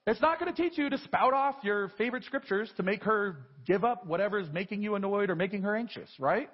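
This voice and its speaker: A man's voice: sits high, breathy edge. A man in his thirties preaching a sermon in a church. He talks in a conversational, self-deprecating way and often asks rhetorical questions. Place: large church. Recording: dull live broadcast with long church reverb.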